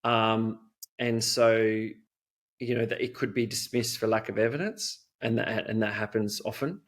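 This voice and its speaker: A man's voice: lowish voice, fairly even intonation, moderate pace. Earnest man, rambling answers. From Australia. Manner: earnest, rambling, peppered with "you know". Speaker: guest expert on child safety. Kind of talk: conversational interview answers.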